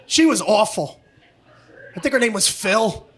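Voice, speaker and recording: A middle-aged man performs stand-up on a club stage. His voice sits unusually high, and he rants loudly and profanely, often breaking into shouts. The recording carries plenty of noise. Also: lively intonation, measured pace, a loud crowd. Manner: loud, profane, ranting with frequent shouting. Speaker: stand-up comedian. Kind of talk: stand-up comedy set. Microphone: handheld stage mic. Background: audience laughter.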